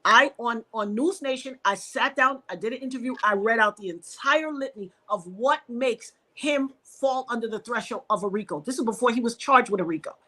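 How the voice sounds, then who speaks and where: Woman, podcast guest, emotional storytelling, animated, reenacts dialogue, slightly high voice. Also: normal speed, few pauses. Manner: animated, reenacts dialogue with sharp pitch jumps.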